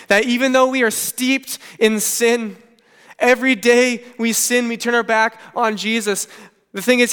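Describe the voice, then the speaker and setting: Male pastor, earnest conversational sermon, clear resonant voice, long hall reverb. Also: sits high, a bit bright. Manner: earnest preaching with frequent "okay" asides and paraphrased storytelling.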